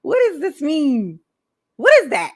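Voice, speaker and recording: A woman's voice: sits high, sing-song, a little slow, a little mellow. A woman live streamer, chatting casually with viewers, rambling and laughing often.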